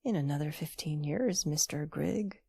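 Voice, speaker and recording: A woman playing a fussy old alchemist gentleman, high, pleading, husky and breathy, creaky edges, storybook reading. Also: moderate pace, no echo, clean studio sound, full character voice. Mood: anxious. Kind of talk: audiobook character voice.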